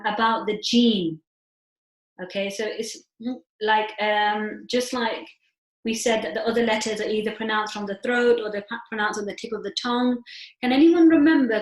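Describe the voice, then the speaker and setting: A woman's voice: fairly high pitch, reverberant. A woman teaching a recitation class over a video call, patiently explaining and demonstrating sounds step by step.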